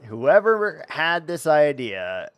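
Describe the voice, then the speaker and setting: Slow-talking playful male streamer. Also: a little high, big pitch swings, a bit bright, clear, resonant tone, no echo. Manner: playful, silly, muttering to himself. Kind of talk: casual gameplay commentary.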